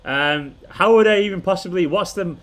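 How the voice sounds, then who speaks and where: Chatty man, raised pitch. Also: normal speed, a bit bright. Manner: rambling, chuckling, restarts sentences. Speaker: football fan channel host. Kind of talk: casual live watchalong chat.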